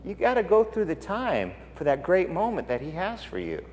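A man's voice: sits high, normal speed, a little hiss or hum. Guy preaching a sermon, voice all over the place, big reverby hall. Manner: animated, swings from loud to hushed.

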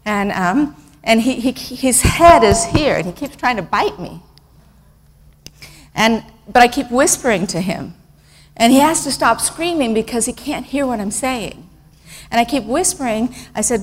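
A middle-aged woman tells stories from her missionary work in an earnest, emotional way, often restarting her sentences. Her voice sits fairly high. The sound carries a long reverb, as if from a large hall. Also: expressive, a little slow. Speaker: missionary speaker. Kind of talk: storytelling talk with slides.

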